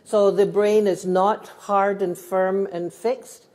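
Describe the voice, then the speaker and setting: A woman's voice: mid-range voice, fairly even intonation, takes it slowly, darkish tone. A middle-aged woman with a Scottish accent, a guest speaker telling stories and answering questions at a live event for teachers. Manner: storytelling, laughing, earnest. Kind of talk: live talk and Q&A.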